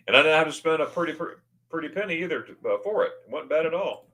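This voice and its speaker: Talking fast with a high-leaning, expressive voice that sounds pushed and bright, this American streamer chats casually into his new desk mic. He rambles freely and reads out comments from his viewers.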